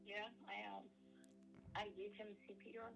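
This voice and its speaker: Brief: grieving woman on the line, halting, flat and creaky, distant and faint. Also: mid-range voice, faint music behind. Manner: quiet, halting. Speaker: caller.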